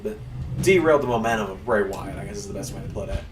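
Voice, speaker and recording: Here a man with a lowish voice hosts his stream, speaking quickly and chatting casually and ramblingly as he games. He's far from the mic, so the audio is roomy with a faint hum behind it.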